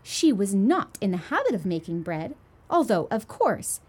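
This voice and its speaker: Woman, children's storybook read-aloud, expressive, lively pitch, slightly husky. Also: normal speed. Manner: expressive, gently emphatic reading.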